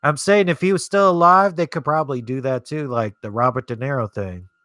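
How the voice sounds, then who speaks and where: A man chats through a live movie stream in a loose, rambling way, dropping curses as he answers his viewers. His voice sits at a middle pitch. The sound is close and dry, with no room around it. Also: a little fast, pushed and bright, no echo. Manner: rambling, profane, reads chat aloud. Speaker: streamer hosting a movie watch-along. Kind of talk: casual live-stream chat.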